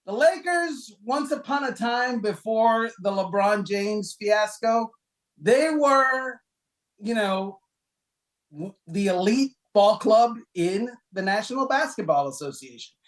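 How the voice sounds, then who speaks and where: A man co-hosting a casual sports talk show, counting down a list with lively, emphatic delivery and rhetorical questions. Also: slow, low-quality recording. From Cuban heritage, raised in South Florida. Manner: animated, rhetorical questions, emphatic pitch jumps.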